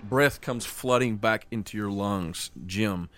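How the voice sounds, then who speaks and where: A man's voice: lowish voice, a bit bright, a little hiss or hum. A man running a tabletop game as game master, narrating scenes vividly and calling rolls. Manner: vivid, descriptive narration with quick rules calls.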